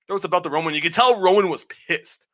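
A man co-hosting a podcast, giving a casual, rambling, animated review with plenty of swearing. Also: high voice, fast talker. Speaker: podcast co-host. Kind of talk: casual show review chat.

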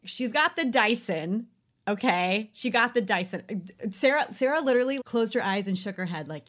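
A woman's voice: a little high, lively intonation, moderate pace, fairly bright tone. A woman hosting a casual interview. She asks her questions with a playful, upbeat energy. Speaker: interview host.

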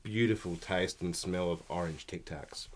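A man's voice: low-pitched, normal speed. A man co-hosting a podcast, joking around and swearing freely in casual banter. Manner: jokey, swears freely, tells silly made-up stories. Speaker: podcast co-host.

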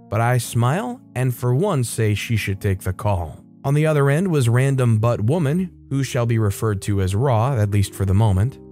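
A man's voice: medium pitch, warm tone. A man narrating a revenge story from a forum in a sarcastic, conversational way.

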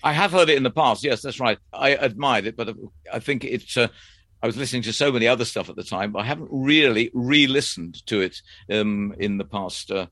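A man in his eighties, a former announcer, chatting about his past in a measured, hesitant way with frequent fillers. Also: mid-range voice, fairly bright tone, no room sound, clean studio sound. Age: 80s. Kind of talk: relaxed anecdotal chat.

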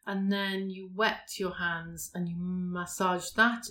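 A woman's voice: fairly low pitch, fairly even intonation, slow, sharp tone. A woman, co-hosting a casual podcast chat and explaining a routine step by step. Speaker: podcast co-host.

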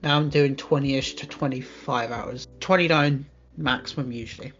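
A young man co-hosting a casual chat podcast, talking about work in a relaxed, hesitant way with many ums. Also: medium pitch, moderate pace, lo-fi sound, faint music behind. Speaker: podcast co-host.

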